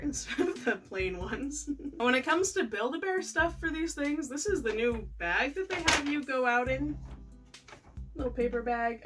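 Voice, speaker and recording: A woman's voice: fairly high pitch, a bit bright, far from the mic. A woman chatting casually as she reviews toys, laughing often between her remarks. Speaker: toy reviewer. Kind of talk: casual product review vlog.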